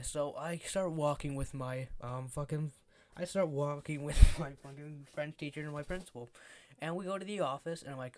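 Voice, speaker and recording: A man's voice: on the high side, fairly quick, a little mellow. A teenage boy telling a story in a casual vlog, rambling and swearing often, with lots of fillers. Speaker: vlogger.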